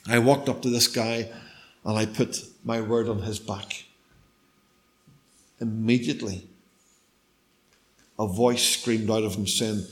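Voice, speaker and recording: Middle-aged male preacher, storytelling sermon, swings from emphatic to hushed. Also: mid-range voice, normal speed. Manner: storytelling, shifts between loud emphasis and hushed near-whispers.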